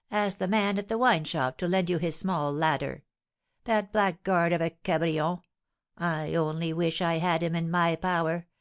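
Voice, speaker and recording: A woman voicing a shrill, vindictive middle-aged porter's wife who screams and scolds.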